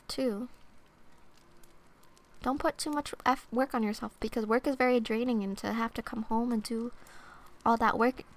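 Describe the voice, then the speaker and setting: Young woman, slightly high voice, soft-spoken ASMR streamer, rambling casual chat with playful jokes. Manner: casual, rambling, full of "like" fillers; playful, silly wordplay. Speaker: streamer doing oracle card readings.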